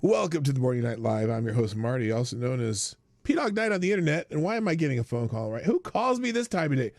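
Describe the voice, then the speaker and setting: A middle-aged man from Nebraska hosting a live morning stream, rambling casually and breaking into loud excited outbursts. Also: mid-range voice, quick pace, no room sound, clean studio sound.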